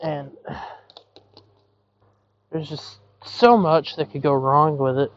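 A podcast host with a fairly high-pitched voice speaks slowly, rambling apologetically in a casual monologue. He's outdoors in a yard, hot and breathing heavily. The audio is dull because he isn't using his usual headset.

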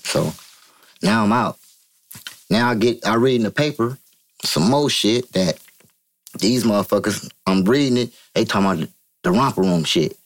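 A man from Vallejo, California, telling a story as an interview guest, profane and animated, acting out quotes in a higher voice. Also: moderate pace, long pauses. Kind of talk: casual storytelling.

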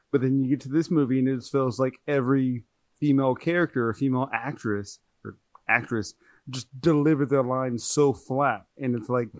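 A man's voice: medium pitch, no echo. Male podcast co-host, casual and rambling, dry close sound. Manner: chatty, rambling, self-correcting. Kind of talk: casual movie-review chat.

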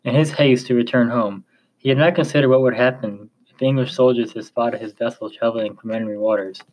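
A man narrating a chapter of a story in a slow, measured reading voice. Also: medium pitch, fairly even intonation, darkish tone, rough recording.

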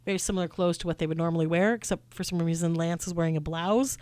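A woman co-hosting a podcast, chatting casually and rambling through long stories with quick asides. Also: lowish voice, fairly even intonation, darkish tone, dry recording, clean studio sound. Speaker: podcast co-host. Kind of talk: casual chat.

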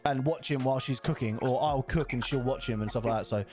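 A man's voice: medium pitch, fast, darkish tone, soft background music. A young man from South London with a South London accent, co-hosting a live stream in casual, sweary chat and laughing often. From South London, England. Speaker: stream co-host.

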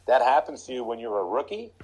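A middle-aged man, a former pro hockey player, telling casual stories about his rookie days in an animated way. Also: fast talker, breathy edge, poor audio. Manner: animated anecdotes, high put-on voices for quoted lines. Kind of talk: casual storytelling.

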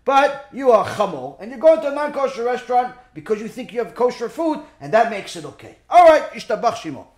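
A man's voice: very high-pitched, a little fast, few pauses. A man giving an informal religious lesson through a story, checking in with his listeners by asking "okay?" and "right?". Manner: animated, peppers points with "okay?" and "right?". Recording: echoey room.

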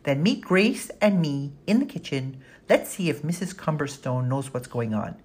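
A woman reading an audiobook voices a brisk, wry young woman who takes charge, in a husky voice. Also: low voice, animated, darkish tone. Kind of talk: audiobook character voice.

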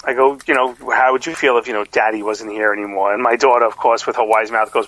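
A man's voice: mid-range voice, steady tone, quick pace, fairly bright tone, no echo, poor audio. A middle-aged man co-hosting a podcast in casual chat, rambling with lots of fillers and restarts. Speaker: podcast co-host.

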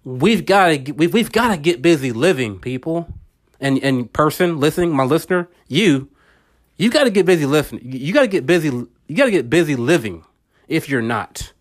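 A man's voice: on the high side, lively intonation, normal speed. A middle-aged man hosting a podcast, giving an earnest, repetitive, preacherly motivational monologue. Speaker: podcast host.

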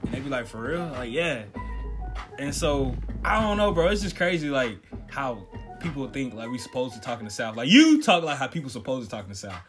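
A young man from Mississippi trading laid-back, profane banter as a podcast co-host. His voice sits at an ordinary middle pitch. Music plays clearly underneath his talk. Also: big pitch swings, a little fast, a bit bright. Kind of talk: casual podcast chat.

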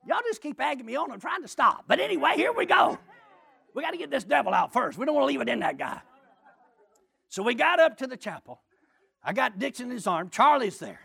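Man, preacher, storytelling sermon, very high voice, husky tone, animated shouting. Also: brisk. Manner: animated, often shouting and laughing while telling a story.

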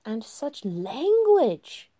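A woman doing a prissy, drawling gentleman. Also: a little high, big pitch swings, drawn-out words, pitched above the performer's own voice, heavily acted. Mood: condescending. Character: prissy elegant male month, mock-sweet.

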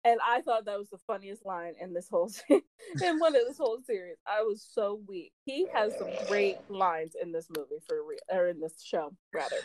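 A woman's voice: mid-range voice, lively intonation, moderate pace, a little mellow, low-quality recording. Chatty woman recapping a show. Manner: chatty, laughs often, acts out characters' lines. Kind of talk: casual chat, recapping a TV show.

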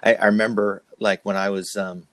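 A man, a pastor and host from New Jersey, talking in a casual church conversation with many restarts and soft laughs. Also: on the low side, level tone, a little fast.

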